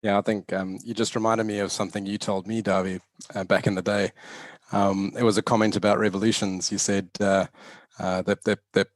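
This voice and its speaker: Flat low-voiced man, dry sound. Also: brisk, no room sound. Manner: hesitant, many fillers and restarts. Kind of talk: casual chat.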